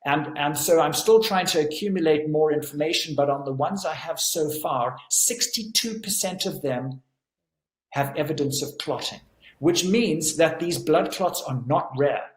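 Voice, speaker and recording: A man's voice: on the high side, a little slow, reverberant. A man speaking as a physician guest in an interview, explaining earnestly and with emphasis.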